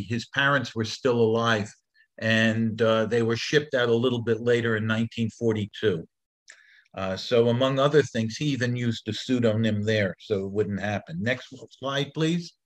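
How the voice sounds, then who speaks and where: An older man delivers a history lecture over slides. He tells the story at an unhurried pace, and filler sounds often break up his sentences. His voice sits at an ordinary mid-range pitch. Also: fairly bright tone, low-quality recording. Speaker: presenter of an education program.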